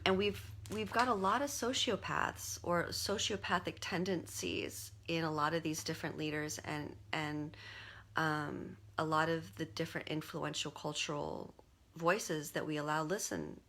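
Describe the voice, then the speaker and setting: A woman's voice: low voice, fairly bright tone, a little hiss or hum. A woman streaming live as an artist, talking to her viewers in a rambling, conversational way full of fillers and restarts. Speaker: artist and livestream host. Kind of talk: casual monologue to viewers.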